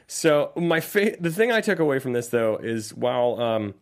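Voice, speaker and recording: A man co-hosts a casual movie review podcast, animated and laughing often as he acts out scenes in goofy voices. His pitch is medium and his pace moderate.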